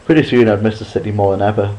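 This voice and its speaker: A man reading a chapter book aloud at a steady pace, sometimes restarting a line after a slip. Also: fairly low pitch, rapid-fire, rough recording. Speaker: reader. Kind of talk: amateur audiobook reading.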